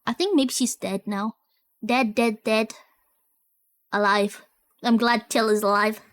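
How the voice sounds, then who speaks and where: High-voiced excitable woman streamer. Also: slow. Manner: excitable, giggly, trails off and repeats herself. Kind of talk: casual reaction stream chat.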